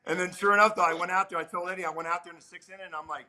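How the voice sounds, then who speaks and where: A middle-aged man, a former pitcher, telling animated stories as a guest on an interview show. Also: very fast, rough recording. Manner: animated, peppers talk with "man". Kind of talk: casual storytelling chat.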